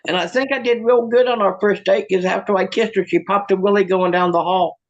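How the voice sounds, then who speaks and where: A man doing a stand-up comedy set, with deadpan one-liners and halting restarts. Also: high-pitched, creaky, muffled recording.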